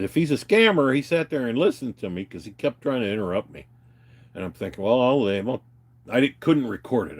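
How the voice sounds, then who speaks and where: A man's voice: lowish voice, breathy edge. A man venting in a heated, profane rant to his viewers, retelling a phone call. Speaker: vlogger.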